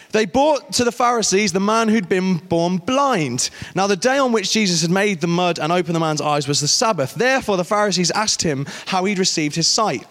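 A man's voice: sits high, a bit bright, long reverb tail. A man giving an interactive youth talk as guest speaker, playfully directing volunteers on stage.

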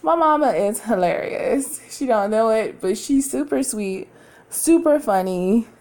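High-voiced chatty woman podcaster. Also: lively intonation, measured pace, darkish tone. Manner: candid, chatty, laughs often. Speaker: podcast host. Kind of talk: casual chat. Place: at home.

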